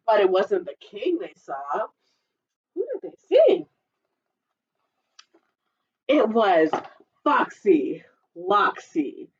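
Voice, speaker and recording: A woman librarian reads a picture book aloud at a gentle, unhurried pace. Her voice is high and swings brightly up and down, and she adds playful sound effects. The recording is slightly dull. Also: very animated. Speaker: children's librarian. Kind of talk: storytime read-aloud.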